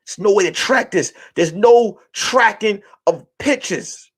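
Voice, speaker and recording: A male comedian and podcast host telling a wild story, acting out the people in it and swinging from hushed lines to shouting. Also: high voice, expressive, unhurried, husky.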